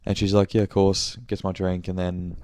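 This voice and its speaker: A man's voice: sits low, monotone, normal speed, warm tone, clean tone, dry recording, studio quality. A young man telling a rambling story on his podcast, swearing and correcting himself as he goes. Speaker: podcast host. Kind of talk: casual monthly check-in chat.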